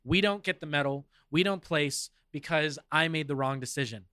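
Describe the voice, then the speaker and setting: A man with a bright, forceful voice, a little high for a man, talks through sports news on a podcast. He muses aloud and reads from notes with frequent fillers. The sound is dry and close. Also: moderate pace, dry recording. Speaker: podcast co-host. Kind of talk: casual chat reading news.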